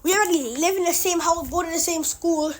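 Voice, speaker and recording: A woman's voice: very high-pitched, brisk. A woman voicing a frustrated schoolgirl who wants her space, blunt and exasperated. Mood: patient.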